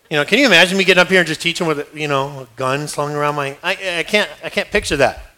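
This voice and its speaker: Male pastor, chatty sermon delivery with jokes, forceful bright tone, slightly higher voice. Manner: conversational and joking, acts out scenes.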